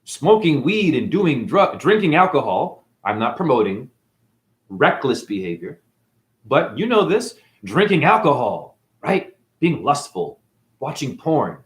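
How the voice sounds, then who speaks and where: A man's voice: mid-range voice, very animated, a little slow. A man as a spiritual teacher, ranting in a defiant, preachy way, swearing and tossing out mocking asides. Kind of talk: unscripted spiritual rant. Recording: echoey room.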